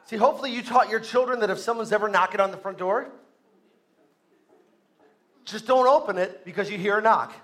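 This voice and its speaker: Very high-pitched, bright-voiced preacher shouting. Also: male voice. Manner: swings from hushed to shouting, drawn-out emphatic phrases; calls on the audience to answer. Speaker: pastor. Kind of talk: live sermon to a congregation.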